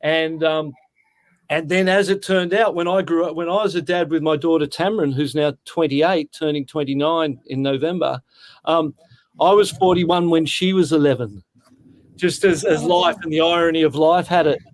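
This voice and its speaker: A slightly high-voiced Australian guest in his sixties talks at an ordinary pace while telling stories in a casual interview. He comes across as earnest and heartfelt, regularly calling the listener "mate."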